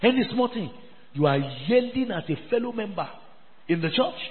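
Pastor preaching hard, repeats himself lots, voice jumps all over, big echoey hall. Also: male voice, sits high, sing-song, moderate pace, phone-quality sound. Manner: emphatic, repeats phrases, scolding. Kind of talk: sermon.

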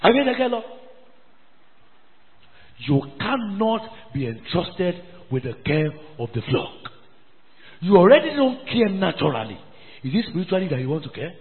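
Brief: high, animated preacher, scolding and repetitive, tinny phone-like sound. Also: male voice, moderate pace, big-room sound. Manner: emphatic, repeats phrases, scolding. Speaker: pastor. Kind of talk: sermon.

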